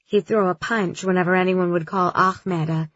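A woman voicing a gentle, wistful young woman who speaks softly and reflectively. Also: on the low side, steady tone, normal speed, husky, no echo, lo-fi sound.

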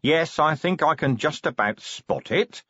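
A man voicing a gruff, weary middle-aged police commander who talks bluntly and grumpily in an audiobook. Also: a little high, animated, a little slow, sharp tone, dry recording, muffled recording, voice pushed up, exaggerated voice. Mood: grumpy.

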